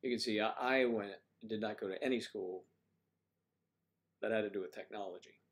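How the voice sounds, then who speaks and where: An older man hosting a livestream, chatting casually and rambling, thinking aloud with frequent pauses. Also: fairly low pitch, fairly even intonation. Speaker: livestream host.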